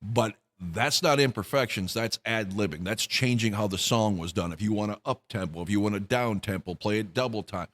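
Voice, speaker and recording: A man's voice: on the low side, normal speed, few pauses, fairly bright tone. A man hosting a rock music news show, ranting with heavy swearing and mocking quotes. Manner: profane, heated ranting with mocking put-on quotes. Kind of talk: ranting commentary.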